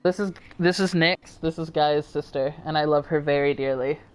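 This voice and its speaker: A woman's voice: deep voice, steady tone, normal speed, smooth. A tired woman streamer chatting casually and rambling to her viewers while she plays a game. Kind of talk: casual live-stream chat.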